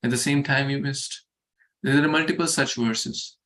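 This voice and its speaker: A man teaching a scripture verse to a study group, going slowly, repeating words and asking the group questions. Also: medium pitch, fairly even intonation, fairly bright tone.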